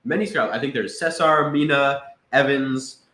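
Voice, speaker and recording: A man's voice: mid-range voice, normal speed, sharp tone. A man co-hosting a casual live-streamed chat, dry and teasing. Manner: dry, teasing, laughs often. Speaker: co-host. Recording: echoey room.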